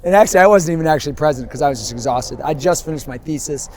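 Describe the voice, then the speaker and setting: A man in his fifties telling his story in a rambling, animated way on an outdoor street interview, laughing often. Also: on the high side, racing, a little hiss or hum. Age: 50s.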